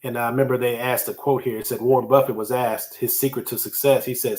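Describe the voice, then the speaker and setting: Male host, mid-pitch, casual motivational talker who drives points home through repetition. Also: little pitch movement, fast, few pauses, darkish tone. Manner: conversational, emphatic, repeats key phrases for effect. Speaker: podcast host teaching time management. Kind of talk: solo motivational teaching talk.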